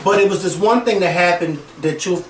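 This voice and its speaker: A man's voice: high voice, a little fast. A man co-hosting a casual chat, enthusiastic and laughing often. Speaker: podcast co-host. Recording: echoey room, voice from a distance, faint noise.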